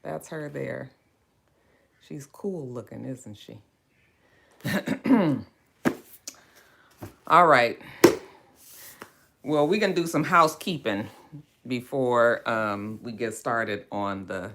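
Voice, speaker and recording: Low-voiced woman chatting on a livestream. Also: expressive, slow pace, long pauses, a bit bright. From West Coast of the United States. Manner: greets viewers by name, chatty and drawling. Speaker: book club host. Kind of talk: casual livestream chat.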